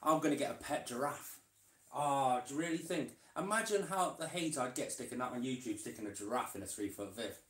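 A man's voice: mid-range voice, lively intonation, brisk, a bit bright, distant mic. A man chatting casually as he works with his reptiles, rambling and talking to his animals along the way. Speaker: reptile keeper vlogger. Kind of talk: casual vlog chat while working. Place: indoor reptile room. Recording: roomy sound, away from mic.

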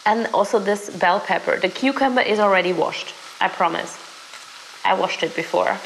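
A young woman, sick and hoarse, chatting casually to viewers while cooking in her home kitchen. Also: medium pitch, normal speed, a little hiss or hum. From Germany. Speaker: lifestyle vlogger. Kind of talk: casual cooking vlog chat.

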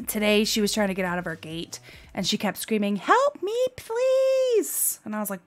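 A woman's voice: medium pitch, fairly even intonation, quick pace, faint music behind. A woman in her thirties streaming a game live, chatting with viewers, laughing often and crying out while she plays.

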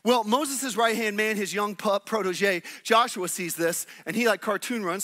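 An animated male pastor preaching with playful energy and acting out the characters. His voice sits high and rings bright and forceful. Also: moderate pace, few pauses. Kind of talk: sermon.

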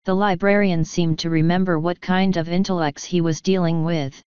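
A woman's voice: on the low side, steady tone, normal speed, a little mellow, smooth, dry recording, muffled recording. A woman narrating an audiobook, reading every character herself with small shifts of voice. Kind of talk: scripted narration.

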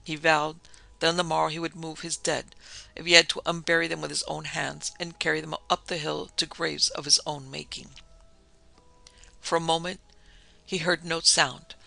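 A man narrating a gothic ghost story as a podcast host, in a measured, solemn reading style with a gravelly voice. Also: a little high, pushed and bright, rough recording.

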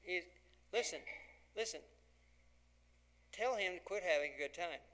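A man's voice: sits high, animated, measured pace, a bit bright, a little hiss or hum. A man preaching a folksy, dramatic sermon as pastor, acting out the dialogue of the scripture.

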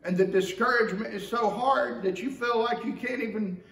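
A man preaching a sermon as pastor in a church, passionate, swinging between loud outcries and low, quiet stretches. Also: normal speed, gravelly. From Georgia, USA. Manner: impassioned preaching with big swings of pitch and volume. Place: church sanctuary. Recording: echoey church from the mic's distance.

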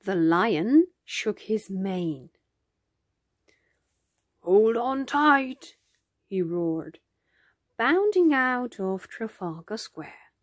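A woman reads a children's picture book aloud, unhurried and gentle. Her husky voice moves expressively up and down in pitch. The sound is dry and close. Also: expressive, no room sound. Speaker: storybook reader.

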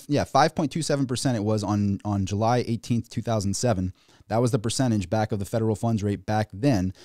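A man hosting a casual livestream and ranting about the markets, excitable and rambling, with many restarts. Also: mid-range voice, dry recording, clean studio sound. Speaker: finance YouTuber.

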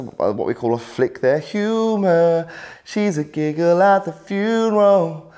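The vocal coach has a mid-range voice with a darkish tone. In his instructional singing video, he explains encouragingly, leaning heavily on the words "lovely" and "little".

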